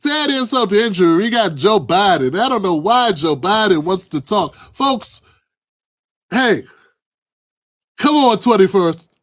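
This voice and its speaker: A man's voice: high voice, big pitch swings, unhurried, long pauses, a bit bright. Blunt, emphatic man commentator. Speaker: political commentary host. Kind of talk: heated political commentary.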